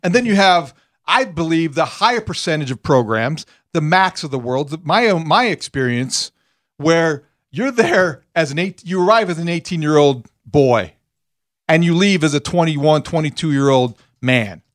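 A man's voice: a little high, animated, moderate pace, fairly bright tone. A man hosting a sports talk show, speaking earnestly and emphatically about college football. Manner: earnest, emphatic, laughs easily. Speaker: sports radio host, former college football player.

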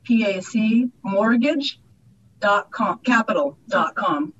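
A woman's voice: medium pitch, expressive, slow pace, a bit bright, dull audio. A woman guest from a mortgage lender on a radio interview, upbeat and eager to help.

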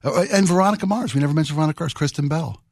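A man's voice: on the high side, racing, no echo, studio quality. A middle-aged man hosting a radio show, chatting casually and enthusiastically, rambling about old television. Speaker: radio host. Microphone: studio microphone.

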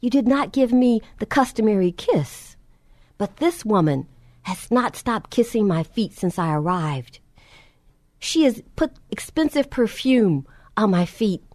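Calm solemn man teaching gently, as a lady preacher lowers her voice, dry sound. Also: unhurried, no room sound.

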